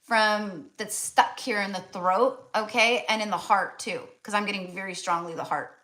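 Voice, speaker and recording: A woman's voice: medium pitch, fairly even intonation, normal speed, a bit bright. American lady doing a tarot reading, chatty, lots of you knows and restarts. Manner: chatty, with many fillers and restarts. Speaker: tarot reader. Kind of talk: casual spiritual reading.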